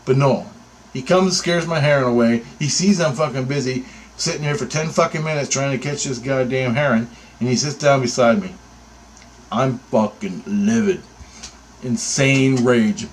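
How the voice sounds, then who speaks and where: A man's voice: medium pitch, brisk, slight background noise, poor audio. Profane, heated man ranting. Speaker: bird photographer. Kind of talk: angry ranting anecdote.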